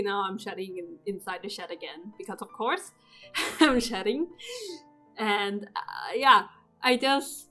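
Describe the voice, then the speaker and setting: A young woman casually recapping her game summons, often jumping into high, loud squeals as she replays her own screaming. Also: measured pace. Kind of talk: casual excited commentary over gameplay. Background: game music.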